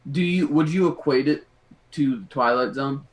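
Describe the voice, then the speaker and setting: A man chatting casually as co-host, relaxed and hesitant, with many ums. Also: medium pitch, unhurried. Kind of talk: casual chat.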